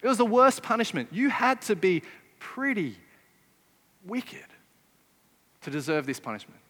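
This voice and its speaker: A man's voice: high voice, very animated, unhurried, fairly bright tone, in a large hall. A man preaching a sermon, emphatic and often putting rhetorical questions to his listeners. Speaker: pastor.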